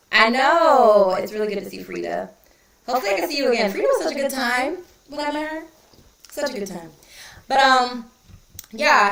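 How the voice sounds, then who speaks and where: Woman, spiritual reader hosting a relaxed livestream, chatty and candid, in a roomy, echoey space. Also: on the high side. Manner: chatty and candid, greeting viewers by name, drops to a whisper at times. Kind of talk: casual livestream chat.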